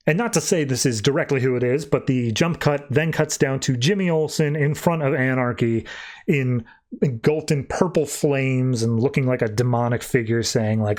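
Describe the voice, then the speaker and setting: Medium-pitched with a darkish tone and moderate pace, the podcast host casually summarizes a comic book issue. His chatty recap of the plot is full of "like."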